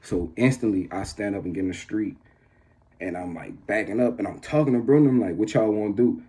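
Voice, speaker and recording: A man's voice: brisk, very noisy. A man casually telling a story to his viewers, slangy and rambling, with many restarts. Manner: gets loud and high when the story turns tense.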